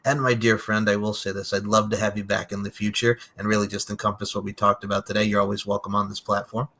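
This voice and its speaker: Laid-back male podcast host, bright voice. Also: on the low side, monotone, quick pace. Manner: loose, chatty, swears casually, laughs often. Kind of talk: casual podcast interview.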